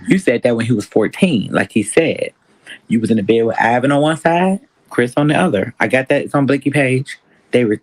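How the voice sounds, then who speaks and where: Animated man telling a story on a livestream. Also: mid-range voice, no room sound, poor audio. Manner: animated storytelling, acts out quotes. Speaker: stream host. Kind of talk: casual commentary on a livestream.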